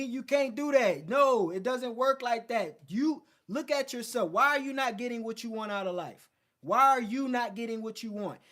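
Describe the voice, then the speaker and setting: Blunt, profane man with a high voice. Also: a bit bright. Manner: mocks others in put-on voices. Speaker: host. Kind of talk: livestream coaching talk.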